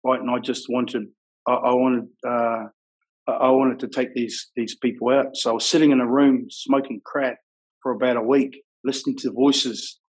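Husky New Zealand man, frank and rough-edged. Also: mid-range voice, little pitch movement, normal speed, low-quality recording. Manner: rough-edged, frank, says "bro" and "you know what I mean" often. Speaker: guest telling his life story. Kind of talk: casual storytelling.

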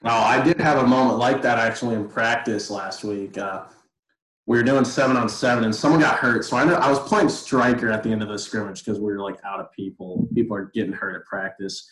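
A young man co-hosting a podcast, telling stories in a lively, easygoing way and laughing easily. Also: lowish voice, fairly quick. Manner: animated storytelling, laughs easily. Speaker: podcast co-host. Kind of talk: casual sports chat. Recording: roomy echo.

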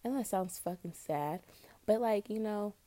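Blunt, cursing young woman rambling high. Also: moderate pace, warm tone, no room sound. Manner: profane, blunt and scattered. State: high on weed. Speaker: podcast host. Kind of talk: casual rambling monologue.

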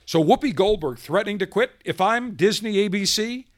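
High-voiced man ranting on a podcast. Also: animated, moderate pace. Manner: combative, ranting, sarcastic. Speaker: podcast host. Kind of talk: political commentary monologue.

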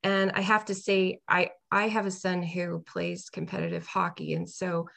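A woman's voice: fairly low pitch, level tone, normal speed, gravelly, fairly bright tone. A woman in her forties hosting an interview, asking questions with long, rambling lead-ins and many fillers. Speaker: interviewer, host.

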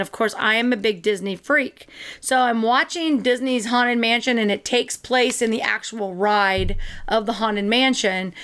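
A woman's voice: fairly high pitch, fairly bright tone, clean tone. Chatty enthusiastic woman. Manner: rambling, enthusiastic, with fillers. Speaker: co-host. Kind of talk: casual chat.

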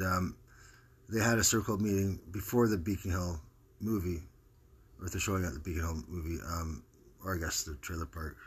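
A man's voice: deep voice, slightly rough. A man giving a casual, rambling account, hesitating and correcting himself as he introduces a clip. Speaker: homeless advocate introducing a clip.

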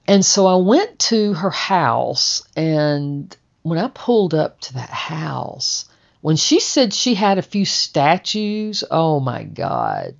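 Low-voiced woman telling her life story. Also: sing-song, takes it slowly, vocal fry, a little mellow, muffled recording. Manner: rambling, conversational, full of "and so" and "you know". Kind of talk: personal memoir storytelling.

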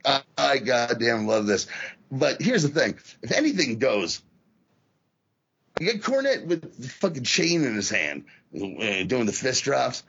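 A man chats on a podcast in a gravelly, slightly husky voice. His pitch jumps all over as he tells stories and mimics people, dropping swear words as he goes. The audio is a little dull and lo-fi. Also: a little slow. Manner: animated, swears a lot, acts out quoted voices. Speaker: podcast co-host. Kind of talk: casual profane wrestling podcast chat.

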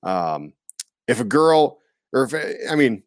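A man from Iowa in casual sports chat, rambling with lots of fillers and breaking into goofy high voices when quoting people. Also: very animated, slow pace, dry recording.

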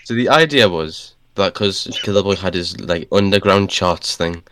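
Casting: joking Geordie guy, lowish voice, co-host banter. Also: normal speed, fairly bright tone, smooth. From North East England. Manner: teasing, joking. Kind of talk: casual chat.

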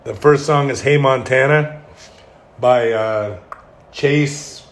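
A man's voice: medium pitch, takes it slowly. A middle-aged man hosting a solo podcast, talking candidly in a rambling way with self-deprecating humor. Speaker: podcast host.

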